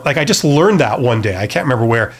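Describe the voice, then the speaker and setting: A man's voice: mid-range voice, expressive, fast talker, breathy edge. A man talking casually to camera with career advice, rambling and self-deprecating, full of fillers and restarts. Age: adult past his early twenties.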